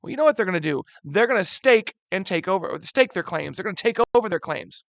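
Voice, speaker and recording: A man teaching a history lesson in a casual, animated way, using slang and often calling his students "guys.". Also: high-pitched, fast, no echo. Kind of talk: casual classroom lecture.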